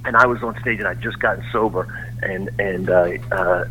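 A man's voice: sits low, steady tone, moderate pace, sharp tone, slight background noise, poor audio. A middle-aged man, a stand-up comedian, reminiscing in casual chat, laughing easily and restarting his sentences.

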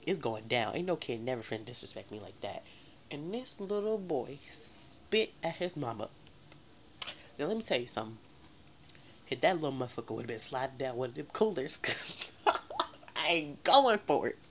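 Deep-voiced woman ranting profanely. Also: slight background noise. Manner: profane, animated, exaggerated storytelling. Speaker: vlogger. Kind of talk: casual storytime rant.

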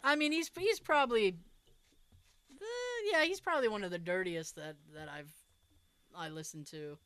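A woman's voice: fairly low pitch, normal speed, fairly bright tone, clear, resonant tone, no echo. A woman co-hosting a podcast in casual chat, chatty and giggly, often trailing off mid-sentence. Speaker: podcast co-host.

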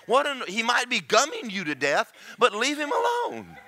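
A man's voice: very high-pitched, wildly swooping pitch, normal speed, hardly any pauses, sharp tone. A middle-aged man preaching a sermon, joking and acting out quoted voices.

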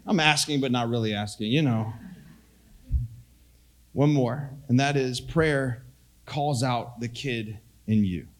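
A middle-aged male pastor giving a conversational sermon, casual and self-deprecating, swinging between hushed and loud delivery. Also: medium pitch, takes it slowly, pauses often.

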